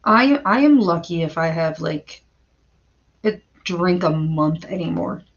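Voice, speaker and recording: Rambling gravelly-voiced woman livestream host. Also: fairly low pitch, measured pace. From western Pennsylvania, USA. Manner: rambling and chatty, greets chat viewers by name; frequent stammered restarts and filler words. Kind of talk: casual livestream chat. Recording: dull lo-fi stream audio.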